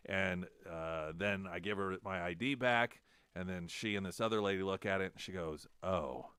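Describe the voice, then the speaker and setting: A man's voice: sits low, normal speed, smooth, no room sound, clean studio sound. A man hosting a talk radio show, casually telling a self-deprecating story and acting out the dialogue. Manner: self-deprecating, animated retelling with quoted dialogue. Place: radio studio.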